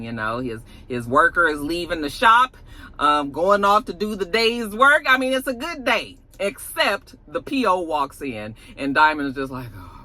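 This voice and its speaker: A reviewer giving an animated, profane recap of a TV episode, acting out the characters' lines. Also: mid-range voice.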